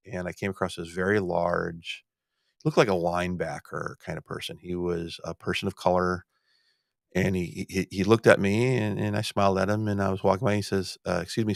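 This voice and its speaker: A man's voice: low-pitched, gravelly, no room sound, studio quality. A middle-aged man hosting a podcast, telling a long rambling story in casual talk, with many restarts and stammered repeats. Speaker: podcast host.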